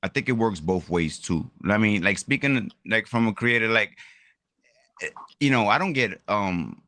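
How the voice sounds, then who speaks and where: A man chatting casually as a guest creator on a toy livestream, animated and full of "my brother" and "you know what I'm saying". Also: fairly low pitch, moderate pace.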